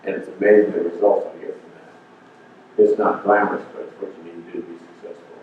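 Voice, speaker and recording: An older man drives home his points in a low, insistent voice, repeating himself like a preacher. He stands some distance from the mic in a community center hall. The sound is dull, and the room is very echoey. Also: flat delivery, fast, slight background noise. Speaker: guest speaker. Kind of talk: motivational talk.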